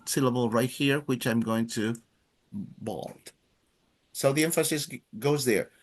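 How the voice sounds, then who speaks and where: A man's voice: mid-range voice, fairly bright tone. A man teaching a live Spanish class, drilling students by counting in and praising each answer.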